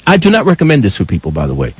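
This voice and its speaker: An older man from New York telling a passionate personal story as a live radio call-in co-host, with a husky voice and wide emotional swings. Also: on the low side, huge pitch swings, racing, dry recording, low-quality recording. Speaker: radio talk show co-host.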